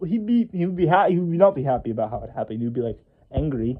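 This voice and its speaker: A man's voice: medium pitch, animated, fast talker. A man rambling casually about the fictional world he made, with lots of restarts and an amused tone. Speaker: creator explaining his fictional world. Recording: thin phone-like audio.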